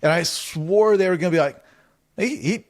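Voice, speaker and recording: A man's voice: on the high side, fairly quick. Joking man podcast co-host. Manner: joking, exaggerated retelling with quoted voices. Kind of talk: comedic casual chat.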